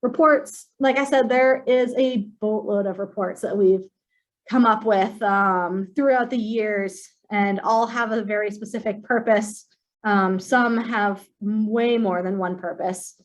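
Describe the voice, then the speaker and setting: A woman presenting a software walkthrough in a webinar, speaking plainly with many um fillers. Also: medium pitch, steady tone, unhurried, rough recording. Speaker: compliance staff presenting software.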